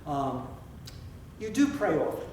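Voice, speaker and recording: Pastor preaching in an echoey church. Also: male voice, on the high side, big pitch swings, darkish tone, slight background noise. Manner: conversational preaching, slows for emphasis, asks questions. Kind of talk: sermon. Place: church sanctuary. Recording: echoey church heard from a distance.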